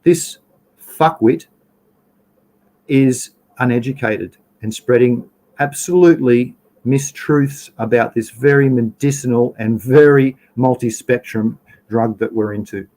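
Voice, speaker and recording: An Australian man hosting a live stream in a loose, chatty way. He is blunt and profane, and he rants openly at his viewers. His voice sits at an ordinary middle pitch for a man. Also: unhurried, warm tone, rough recording. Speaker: livestream host. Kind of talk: casual live stream chat.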